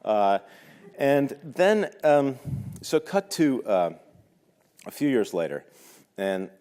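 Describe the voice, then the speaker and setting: A fifties-aged speaker at a talk takes his time, his mid-range voice swinging widely in pitch with a slightly mellow, clear and resonant tone. In a large lecture hall with long reverb, he shares personal stories hesitantly and conversationally, joking about himself.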